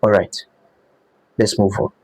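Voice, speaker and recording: A man's voice: a little slow, darkish tone, dry recording, poor audio. A man teaching a live design class, repeating his points and quizzing students with "what?". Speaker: design instructor.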